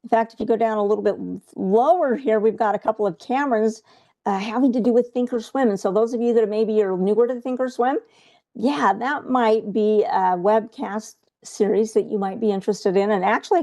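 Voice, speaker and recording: A woman's voice: mid-range voice, warm tone. A woman coaching viewers through a live trading webcast in a chatty way, often checking in with "okay?".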